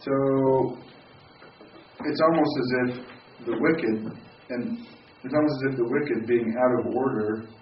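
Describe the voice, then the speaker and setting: A man teaching Hebrew grammar in a classroom, relaxed and thinking aloud as he questions his students. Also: medium pitch, slow pace. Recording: roomy, distant, dull classroom recording with faint hiss.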